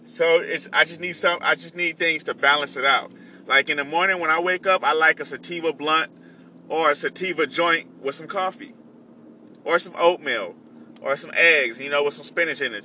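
A man's voice: a little high, pushed and bright, a little hiss or hum. A young man hosting his own podcast while out on delivery runs, talking in a loose, rambling way with many restarts. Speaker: podcast host and delivery driver. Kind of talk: casual rambling monologue.

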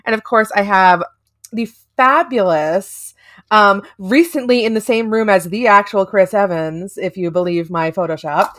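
Young woman cohosting a chatty podcast, lively and laughy. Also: medium pitch. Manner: animated, laughing, fast bursts. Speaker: podcast co-host. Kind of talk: casual chat.

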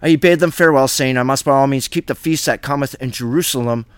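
A man's voice: medium pitch, fast, clean tone, no echo. A man reading scripture aloud and commenting on it in a casual, riffing verse-by-verse bible study. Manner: reads scripture then riffs on it with asides.

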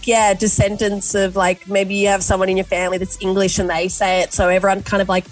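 A woman's voice: medium pitch, flat delivery, fast, faint music behind. A young woman co-hosting a radio show, chatting casually in a giggly, self-deprecating way. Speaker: radio co-host.

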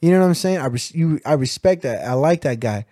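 Hyped man with a dry, warm voice. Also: a little high, animated, a little fast, no echo. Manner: hyped, gives shout-outs, keeps saying "you know what I'm saying". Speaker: podcast co-host. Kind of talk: casual chat.

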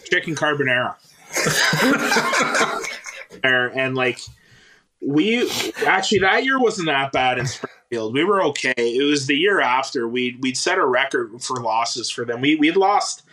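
In a relaxed interview, a Canadian former hockey player in his thirties tells stories about his past in a bright, forward, medium-pitched voice over poor audio. He speaks haltingly, full of fillers and restarts, and often bursts out laughing.

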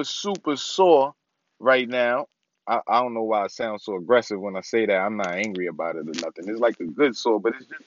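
A man's voice: on the low side, no echo, lo-fi sound. Laid-back man vlogging from his car. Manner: laid-back, rambling with many ums. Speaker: podcast host. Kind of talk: casual vlog update. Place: inside a parked car.

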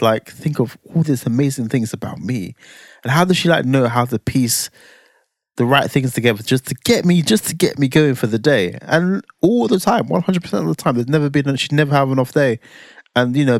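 A man with a medium-pitched voice co-hosts a casual podcast chat, full of joking, dry, teasing humour. The recording has no room sound.

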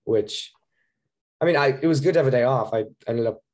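Hoarse young man with dry humor. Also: mid-range voice, fairly quick, darkish tone. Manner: dry, self-mocking humor. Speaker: podcast co-host. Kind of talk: casual chat.

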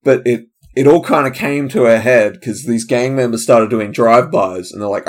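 A man's voice: medium pitch, moderate pace, hardly any pauses. Casually rambling man hosting a podcast. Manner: casual, loose and digressive, trailing off, many fillers. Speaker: comedian and podcast host. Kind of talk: rambling solo podcast chat.

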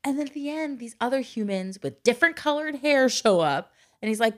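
Woman, adoptive mom, podcast host, expressive storyteller with a lively, swooping pitch. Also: a little fast. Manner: animated storyteller who acts out quotes in exaggerated voices and laughs often. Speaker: adoptive mother. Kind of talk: casual chat.

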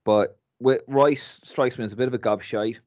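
A man's voice: medium pitch, fairly even intonation, moderate pace, a little mellow, no echo, highs cut off. An Irish man co-hosting a podcast, talking bluntly and swearing freely in casual chat. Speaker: podcast co-host.

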